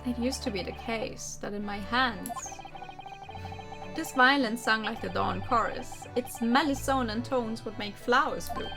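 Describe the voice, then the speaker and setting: A woman voicing a melodramatic, gloomy adult gentleman detective with a mournful, grandiose delivery while reading game dialogue aloud. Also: a little high, measured pace, over music. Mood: despairing.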